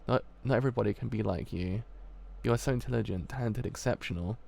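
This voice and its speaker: A man reading aloud as a gentle, earnest young man, speaking softly and pleadingly. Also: on the low side, quick pace, creaky, slight background noise.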